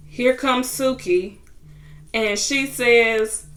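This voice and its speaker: A young woman in a casual vlog, retelling a reality show episode with lively, slangy asides. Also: fairly high pitch, a little slow. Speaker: TV show reviewer.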